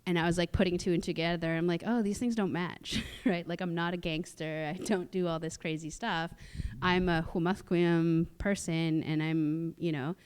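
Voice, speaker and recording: Woman from musqueam in canada, lowish smooth voice, rambly storytelling w lots of um's and laughs. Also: little pitch movement, normal speed, hardly any pauses, a little mellow. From Musqueam community, Canada. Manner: chatty, many fillers and restarts, laughs often. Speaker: guest speaker at a cultural sharing. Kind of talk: casual personal storytelling. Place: theatre stage.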